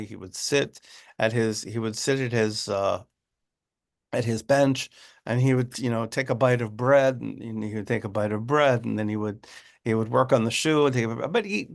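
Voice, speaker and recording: A man giving an informal, animated class talk on a religious text, repeating words and often asking "right?". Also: mid-range voice, normal speed, vocal fry.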